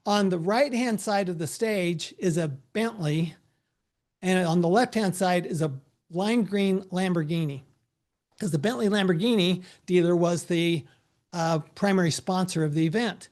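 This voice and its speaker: A middle-aged man, a tax advisor, giving a relaxed, anecdote-filled presentation over a video call with frequent restarts. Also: sits high, unhurried. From United States.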